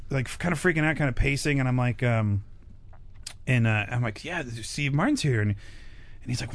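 A young male comic telling a long backstage story in a casual chat, with lots of fillers and animated bits. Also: mid-range voice, normal speed.

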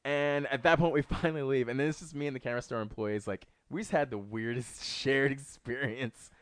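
A man telling a story in casual podcast chat, swearing freely and jumping into high, squeaky voices when he quotes people. His voice sits in a middle register and sounds dry and close to the mic. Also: a little fast, clear, resonant tone, dry recording. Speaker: podcast co-host.

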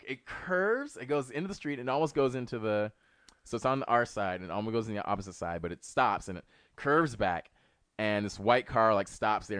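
A man telling a story on a casual podcast, swearing a lot and acting out what people said in a high, excited voice. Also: no room sound, studio quality. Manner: animated, swearing, acts out quotes in a high voice. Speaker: podcast co-host.

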